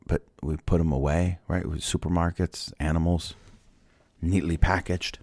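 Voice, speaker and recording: A man's voice: low voice, fairly even intonation, moderate pace, darkish tone, no room sound, clean studio sound. A man hosting a daily Bible podcast, talking conversationally with rhetorical questions and ending in prayer. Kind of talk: devotional talk and prayer.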